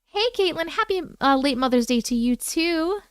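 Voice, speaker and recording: A woman hosting a casual livestream at home from her computer, greeting viewers one by one by name, sounding low on energy. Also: expressive, normal speed, no echo, studio quality. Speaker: livestream host.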